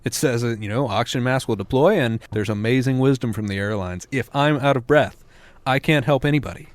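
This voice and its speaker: A man's voice: medium pitch, brisk, no echo. An American man, a parenting author, answering a radio interviewer in an earnest way that builds to emphatic peaks.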